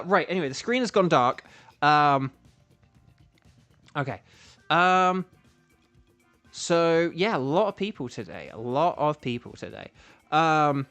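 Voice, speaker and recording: A man's voice: a little high, a bit bright. A man chatting casually with viewers while streaming a video game, rambling with lots of fillers. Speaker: streamer and voice actor. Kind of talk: casual gaming livestream chat.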